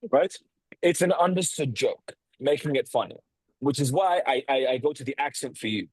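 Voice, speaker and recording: A man coaching on a video call, talking bluntly and swearing freely, with a lively tonality, deliberate pauses and stressed words. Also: mid-range voice, breathy edge, no room sound, poor audio. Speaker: sales coach.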